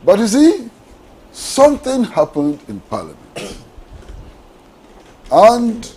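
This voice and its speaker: Impassioned man, lively high voice. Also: a little slow, pauses often, a little hiss or hum, low-quality recording. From Ghana. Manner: impassioned, with repeated rhetorical questions. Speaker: panelist. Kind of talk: political talk show commentary.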